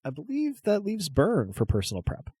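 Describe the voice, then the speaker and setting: A man's voice: a little high, wildly swooping pitch, moderate pace, darkish tone, breathy edge, no echo. Guy running a tabletop game, chatty, bouncy up-and-down voice, dry close mic. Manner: chatty, restarting descriptions with fillers. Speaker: game master.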